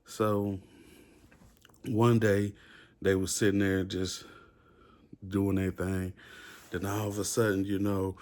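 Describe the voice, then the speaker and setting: A man's voice: deep voice, level tone, slow pace, long pauses. A man casually telling a rambling story full of slang and fillers. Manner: laid-back, rambling, heavy with fillers and slang; acts out the other inmates' shouting.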